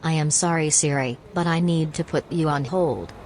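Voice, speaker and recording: Low-voiced woman podcast host. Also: moderate pace, darkish tone, a little hiss or hum. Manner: dry, businesslike, reads facts plainly.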